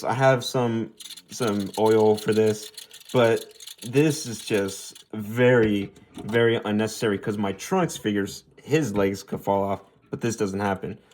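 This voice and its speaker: A man's voice: mid-range voice, a little mellow. A young man casually reviewing action figures, rambling and stuttering as he repeats himself while posing them. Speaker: toy reviewer.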